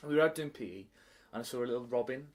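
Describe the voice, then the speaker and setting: A man's voice: medium pitch, expressive, racing, crowd noise. A man, a teacher and podcast co-host, telling a funny story in casual chat and laughing often as he acts out voices.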